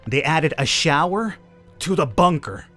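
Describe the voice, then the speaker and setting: Male let's-play host, higher voice, very animated pitch, playfully sarcastic commentary over faint game music. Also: a little slow. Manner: playful, sarcastic, talks to viewers with rhetorical questions. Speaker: gaming channel host.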